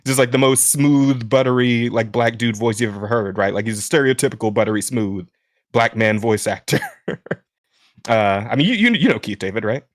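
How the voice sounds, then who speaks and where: A man with a smooth voice hosts a podcast in loose, casual chat at a middle pitch. He talks in rambling runs full of restarts and fillers, often laughing mid-sentence. The recording is dry, with no room sound. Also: a little fast, no echo. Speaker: podcast host.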